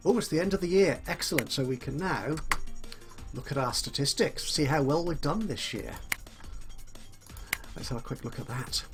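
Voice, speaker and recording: A man's voice: on the high side, moderate pace, pauses often. A man casually commentating a management game he is playing, musing aloud and correcting himself as he goes. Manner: musing, self-correcting, chuckles often. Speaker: let's play host. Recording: faint music behind.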